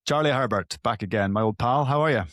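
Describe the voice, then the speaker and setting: A man's voice: medium pitch, fairly bright tone, dry recording, studio quality. A man hosting a podcast interview, talking casually with frequent restarts and side remarks. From former soldier. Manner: loose, halting, restarts and asides while reading. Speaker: podcast host.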